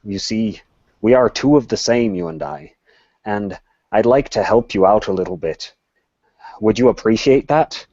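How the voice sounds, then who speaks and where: A man's voice: lowish voice, normal speed, creaky, a little mellow, dry recording, muffled recording. A man voicing a courteous, scheming male envoy who speaks persuasively and often ends sentences with a question.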